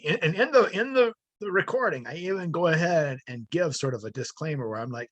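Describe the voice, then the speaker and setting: A man's voice: fairly high pitch, expressive, a little fast, a bit bright, no echo. A man college instructor chatting casually with a co-teacher, laughing often and groping for words.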